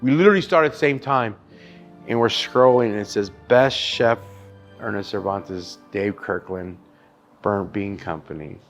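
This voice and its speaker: A man in his thirties, a barbecue chef, telling stories in a casual interview, animated and profane. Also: fairly low pitch, moderate pace, faint music behind. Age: 30s.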